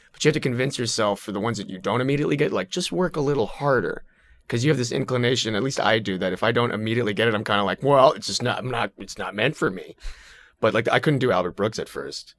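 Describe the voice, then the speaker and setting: A man's voice: medium pitch, no room sound. A man, an actor and impressionist, chatting casually and animatedly as a podcast guest, joking as he goes. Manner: animated, rambling, jokey. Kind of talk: casual chat.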